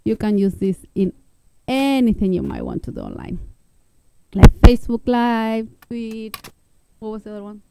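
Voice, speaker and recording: A woman hosting a product livestream, excitable and laughing often. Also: a little high, moderate pace, slight background noise. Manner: giggly, excitable. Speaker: livestream host.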